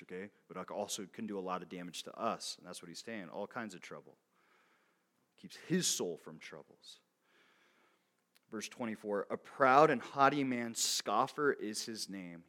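Casual preaching man, lowish voice. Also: fairly bright tone. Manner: conversational preaching, frequent "okay?" check-ins; laughs often, restarts and repeats words. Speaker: pastor. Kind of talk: sermon.

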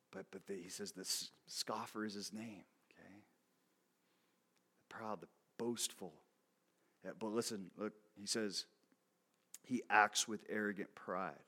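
The pastor's lowish voice sounds pushed and bright as he gives a casual, talk-like sermon. Frequent "okay?" check-ins, laughs between points and repeated words on restarts mark his delivery.

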